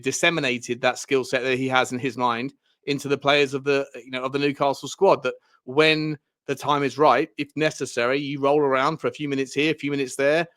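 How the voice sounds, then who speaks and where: A man's voice: mid-range voice, fairly bright tone. A man co-hosting a football podcast in casual chat, rambling, with many fillers and restarts.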